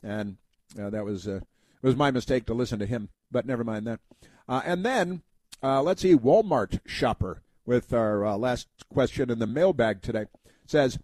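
A man's voice: medium pitch, normal speed, a little mellow, no room sound. A man hosting a radio talk show, talking casually in a rambling, wry, self-mocking way from a studio.

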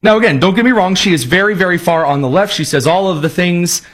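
A male political show host with a slightly high, husky voice, talking in a sarcastic, mocking way. He rambles through his points with offhand asides. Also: quick pace, a bit bright.

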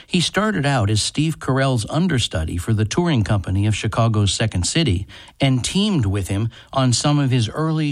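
A man reads a scripted radio piece in a measured, steady voice. His pitch sits in the middle range. The studio sound is dry and close. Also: no echo. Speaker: TV critic and radio show host. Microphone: studio microphone.

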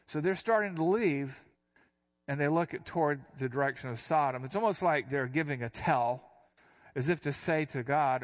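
An older man, a pastor, giving a conversational Bible teaching, reading verses aloud and then explaining them in a relaxed way. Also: fairly high pitch, normal speed. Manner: relaxed and explanatory, reads scripture then unpacks it.

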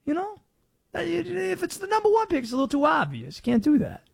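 A man's voice: extremely high pitch, wildly swooping pitch, fast talker, gravelly, no room sound, studio quality, pitched above the performer's own voice, exaggerated voice. A man putting on a Southern conspiracy guy. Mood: scheming. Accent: Southern US, put on. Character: conspiracy-minded man with put-on Southern drawl.

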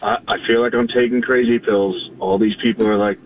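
Hoarse brash caller on a tinny line. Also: male voice, medium pitch, very animated, normal speed, hardly any pauses, slight background noise. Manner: brash, trash-talking, over the top. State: hoarse from screaming.

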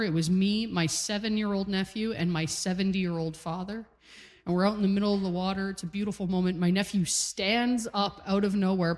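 A woman in her forties from Calgary, doing a self-deprecating stand-up comedy set on stage. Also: medium pitch. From Calgary, Canada. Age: 40s. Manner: punchy, self-deprecating storytelling. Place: comedy stage with live audience. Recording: live hall with long reverb.

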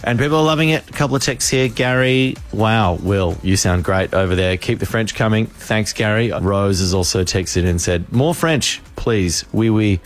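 A man's voice: on the low side, moderate pace, few pauses. A man co-hosting a radio show from abroad, joking and playing along with the banter. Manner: jokey, self-mocking and playful. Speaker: radio co-host calling in from abroad.

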